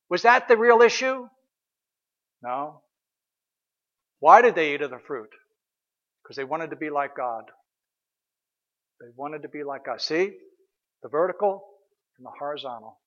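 A man's voice: sits high, dull audio. A man preaching a sermon, asking his listeners questions and repeating short prayers over and over.

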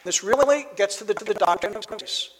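A man with a high voice delivers a reflective sermon, pausing and restarting his phrases as he thinks aloud. His voice rings out with a long reverb, as if he were in a large hall. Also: lively intonation, crowd noise. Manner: reflective, halting with frequent restarts. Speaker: preacher.

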